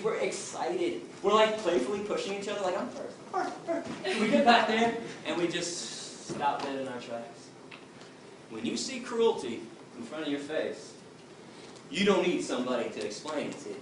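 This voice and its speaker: A middle-aged man giving an impassioned, emphatic talk to a crowd, telling his story. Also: medium pitch. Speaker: activist speaker. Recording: distant echoey room with noise.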